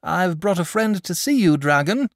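A man's voice: medium pitch, big pitch swings, moderate pace, no room sound, clean studio sound, pitched above the performer's own voice. A man voicing an eager, blunt little boy in a storybook reading. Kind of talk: audiobook character voice.

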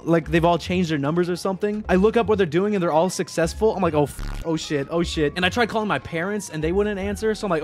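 A young man streaming a game, with a fairly high voice. He talks in a rambling, excitable way and breaks into sudden shouts. Faint music plays underneath. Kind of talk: casual gaming stream chat.

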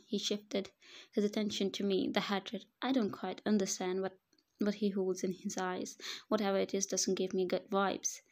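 A woman narrating a romance story in first person, with a middle-pitched voice. She reads with drama and slips into whispered asides. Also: flat delivery, moderate pace. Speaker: fan fiction reader.

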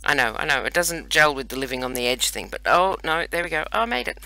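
Talking fast with vocal fry and a sharp edge, an Australian let's player of about forty keeps up self-mocking, playful banter over his game. His fairly high voice is animated, and the recording is dry.

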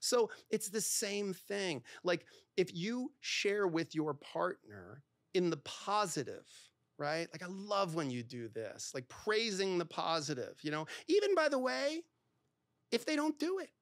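A middle-aged man, a divorce lawyer and podcast guest, telling stories in a conversational interview. He talks in quick bursts with lots of fillers and acts out bits of dialogue. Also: high-pitched, big pitch swings, a bit bright, no room sound, studio quality.

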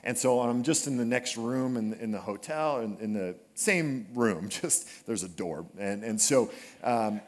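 A man's voice: mid-range voice, a little slow. A pastor preaching to his church, telling a funny personal story and then moving into scripture. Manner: humorous storytelling, animated asides. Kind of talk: conversational sermon. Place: church sanctuary.

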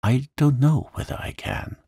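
A man voicing a polite, composed young girl speaking softly in a storybook reading. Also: on the low side, very animated, unhurried, no echo, studio quality, voice pushed up, exaggerated voice. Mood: gentle. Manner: soft half whisper, polite.

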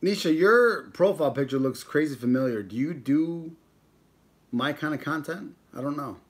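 This mukbang vlogger is a young man on a livestream, joking around with his chat and calling out viewer names while he talks. He speaks at a normal speed in a fairly high, animated voice.

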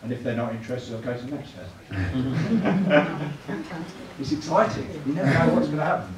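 A man's voice: medium pitch, moderate pace, crowd noise. Man teaching in an echoey hall. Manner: chatty, asks the room tag questions. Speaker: church evangelism teacher. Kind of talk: church training talk. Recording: echoey room, mic far off, clear noise.

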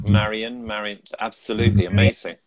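A British man hosting a casual livestream chat, encouraging his guest and trying out halting French. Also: lowish voice, steady tone, poor audio. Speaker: host.

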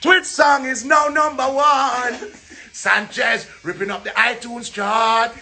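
A man with a Jamaican accent, joking loudly and telling a story in a casual chat. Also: very high-pitched, steady tone, slow pace, soft background music. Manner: loud, joking, shifts into mock-English voice.

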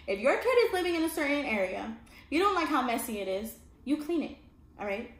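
A woman's voice: high voice, very animated, brisk. A woman telling her own story in a casual storytime monologue, emphatic and often checking in with her listener. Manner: emphatic, keeps checking in with "all right?" and "okay?". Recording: echoey room with faint background hum.

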